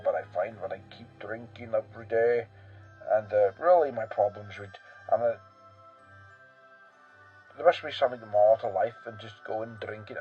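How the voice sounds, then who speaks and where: A man's voice: medium pitch, breathy edge, phone-quality sound. A man playing a rambling, boastful European oddball. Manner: rambling, full of fillers and self-mockery. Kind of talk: comic character monologue.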